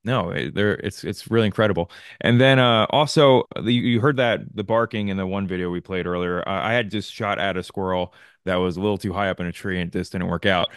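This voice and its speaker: A man's voice: deep voice, a little fast, clear, resonant tone, no room sound, clean studio sound. A man with a Midwestern American accent sharing a hunting story in a webinar, speaking with many fillers. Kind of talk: webinar discussion.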